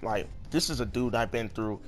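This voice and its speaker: A man's voice: on the low side, normal speed. A young man casually commenting on his gameplay, rambling and answering the game's characters. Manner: chatty, rambling, talks back to the game. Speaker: gaming channel host. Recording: game music behind. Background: hunting game music and animal sounds.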